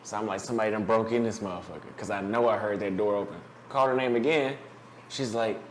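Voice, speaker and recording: A man's voice: lowish voice, fast. A young man talking casually to camera, giving dating advice and telling a story, loose and profane, with rambling restarts.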